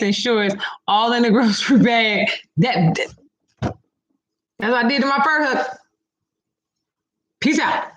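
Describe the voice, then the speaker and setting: On a laid-back livestream, a sassy woman reads out comments and speaks directly to her viewers. Her slightly high, fairly bright voice comes through with a noticeable room echo.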